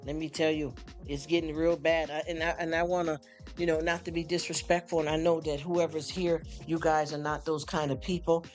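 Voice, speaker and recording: A man's voice: a little high, level tone, fairly quick. A man on a casual live stream who talks straight to his viewers, rambling, heartfelt, often stammering and repeating himself. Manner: talks straight to chatters, calls them honey and y'all. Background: faint background music.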